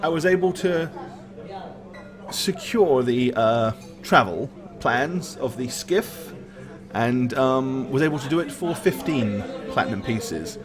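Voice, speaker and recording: A man's voice: medium pitch, expressive, takes it slowly, music in the background. A man voicing a frugal male servant and former merchant, polite and hesitant. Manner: polite and hesitant, full of ums.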